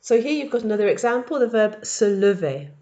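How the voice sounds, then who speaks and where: A woman teaching in a recorded language tutorial, explaining verb patterns step by step and modelling each form slowly. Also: medium pitch, lively intonation, a little mellow. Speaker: French teacher.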